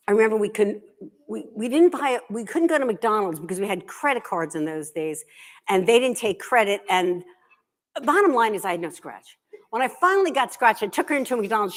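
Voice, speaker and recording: A middle-aged woman, a guest author, telling comic stories to a live library audience in an animated, self-deprecating way. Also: medium pitch, moderate pace. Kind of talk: comic storytelling talk.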